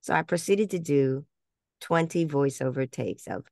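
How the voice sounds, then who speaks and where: A woman's voice: deep voice, moderate pace, darkish tone, no echo, studio quality. An older woman, a voice actress, telling stories in a casual interview, laughing often and mimicking other voices. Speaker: guest speaker and voice actress.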